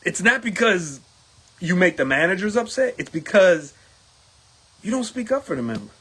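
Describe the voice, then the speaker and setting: A man's voice: sits high, sing-song, normal speed, fairly bright tone, slightly rough. A middle-aged man, a union steward, speaking in a casual monologue and acting out quoted exchanges in a raised voice.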